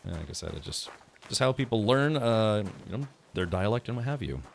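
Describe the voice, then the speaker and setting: A man's voice: on the low side, animated, fairly quick, gravelly, slight background noise. A man chatting casually while he streams a game, musing aloud with many fillers. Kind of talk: casual gameplay commentary. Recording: faint game music behind.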